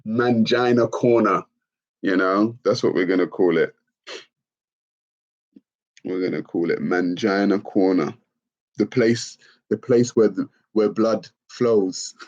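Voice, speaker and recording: A middle-aged man, casually chatting on a livestream and reading out comments, laid-back and quick to laugh. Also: on the low side. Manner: laid-back, laughs often, calls people bro. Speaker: livestream host. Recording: dull lo-fi stream audio.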